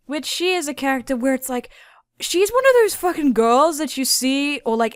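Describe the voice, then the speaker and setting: A woman hosting a casual video, rambling excitedly about anime characters, swearing a lot and using many fillers. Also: a little high, smooth, no echo, studio quality. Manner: filler-heavy. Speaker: video host.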